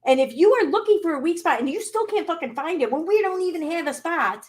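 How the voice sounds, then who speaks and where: A woman's voice: extremely high pitch, animated, quick pace. A woman hosting a commentary channel, reacting to clips with sarcastic, exasperated rants full of swearing.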